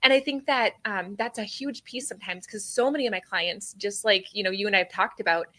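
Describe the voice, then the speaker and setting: An earnest woman hosts a faith-based podcast conversation at a middle pitch. She talks in an animated way, with casual fillers along the way. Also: brisk. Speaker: podcast host.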